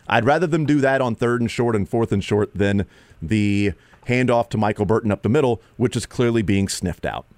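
A man with a fairly low voice hosts sports talk radio, rambling through his points in a loose, animated way. The sound is dry and close, with no room around it. Now and then he jumps up in pitch to mimic a player. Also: normal speed, no room sound.

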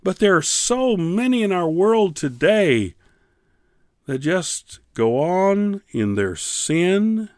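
A man teaching a Bible class on the radio, preaching in a fervent, pleading way with slow, emphatic pauses. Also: high voice, very animated, no echo, clean studio sound. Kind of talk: radio sermon.

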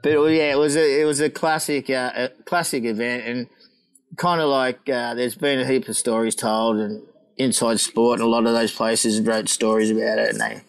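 A man's voice: medium pitch, little pitch movement, moderate pace, vocal fry, poor audio. Laughing man telling surf stories. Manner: laughing storyteller, acts out quotes. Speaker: guest, former pro surfer. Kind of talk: casual anecdote telling.

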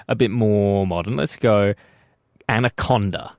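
A man's voice: on the low side, unhurried, darkish tone, slight background noise. A man co-hosting a radio show, running a quiz with casual banter and frequent laughter. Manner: laughs often, teasing quizmaster. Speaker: radio co-host.

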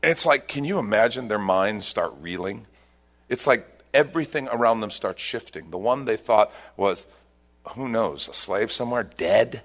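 A male pastor preaching a sermon, telling a scripture story with loud bursts and hushed asides. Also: fairly low pitch, moderate pace. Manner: animated storytelling, swings between loud bursts and hushed lines.

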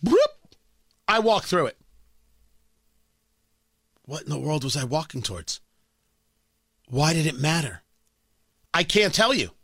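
Lively, bright-voiced man hosting radio. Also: a little high, a little slow, long pauses, breathy edge, no room sound, clean studio sound. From New York / New Jersey area. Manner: animated, self-mocking storytelling. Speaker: radio talk show host. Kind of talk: radio monologue.

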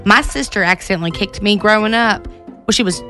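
A woman's voice: mid-range voice, brisk, pushed and bright, soft background music. Blunt, sassy woman radio co-host. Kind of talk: casual morning show chat.

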